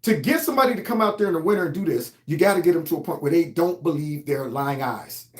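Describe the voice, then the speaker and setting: A man's voice: on the high side, lively intonation, fast talker. A man hosting his own commentary show, talking in a heated, mocking, sarcastic way. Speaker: host. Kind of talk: political commentary. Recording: roomy echo.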